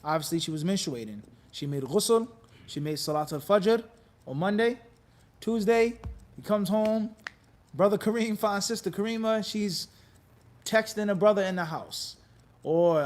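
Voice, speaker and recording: A man teaching Islamic law to a class, animated and quizzing his students again and again. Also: sits high, unhurried. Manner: animated, quizzes class with repeated "what?" prompts; acts out quoted people in lively bits. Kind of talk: classroom lecture.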